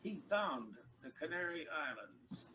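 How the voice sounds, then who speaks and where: A man voicing a cheeky, sassy boy dummy in a ventriloquist comedy act, firing back quick comebacks. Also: fairly high pitch, big pitch swings, background noise. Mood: wisecracking.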